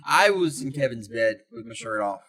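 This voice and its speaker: A man in his thirties hosting a crude, joking chat with friends, loud and prone to shouting. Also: medium pitch, expressive, normal speed, breathy edge. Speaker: podcast host.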